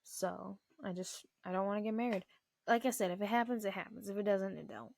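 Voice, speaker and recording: A woman's voice: medium pitch, brisk, gravelly, no room sound. A woman in her twenties ranting bluntly and profanely in a casual storytime vlog. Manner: blunt, profane, animated retelling. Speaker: vlogger.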